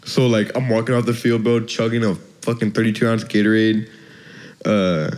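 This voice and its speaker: A man's voice: fairly low pitch, flat delivery, moderate pace, a little mellow. A young man casually telling a story to friends, laid-back, cursing often and laughing as he goes. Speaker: podcast storyteller.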